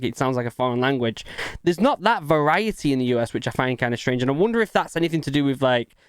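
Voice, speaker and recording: A man's voice: mid-range voice, smooth, dry recording. A young man hosting a reaction video, chatting casually and musing aloud with filler words.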